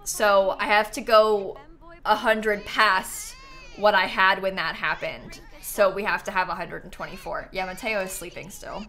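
A young woman chatting casually to her viewers while playing a game live, animated and talking back to the game. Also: medium pitch, measured pace. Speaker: streamer. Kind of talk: casual live-stream gameplay chat. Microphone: headset.

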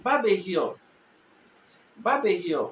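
High-voiced man teaching phrases, echoey room. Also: sing-song, a bit bright. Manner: repeats phrases slowly for learners. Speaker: language teacher. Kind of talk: casual spoken language lesson. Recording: echoey room, distant mic, faint noise.

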